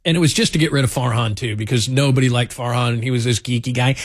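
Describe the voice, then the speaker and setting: A man's voice: mid-range voice, steady tone, fast, no echo, studio quality. A man hosting a sports talk radio show, telling stories in a chatty way with lots of fillers. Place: radio studio. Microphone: studio microphone.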